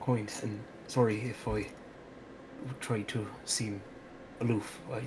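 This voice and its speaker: A man's voice: fairly low pitch, flat delivery, takes it slowly, background noise. A man playing a tabletop game, speaking in character politely and hesitantly with many fillers. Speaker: player. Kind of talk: in-character tabletop role-play.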